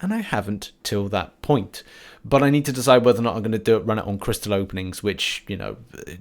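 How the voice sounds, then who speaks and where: A man's voice: on the low side, quick pace. A man hosting a casual gaming podcast, rambling and laughing often as he talks. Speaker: podcast host.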